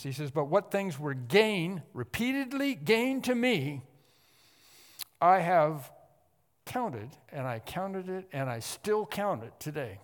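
Guy preaching a sermon in a big echoey hall, kinda high voice, stresses words a lot. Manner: emphatic, repeats words, clears throat often. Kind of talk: expository sermon. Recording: long hall reverb.

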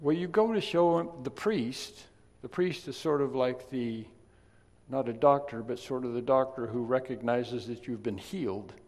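A man preaching a sermon, chatty in his asides and then emphatic and loud on key points. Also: medium pitch, unhurried. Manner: conversational, swings from quiet asides to emphatic loud stresses. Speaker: pastor. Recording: long reverb of a large hall.

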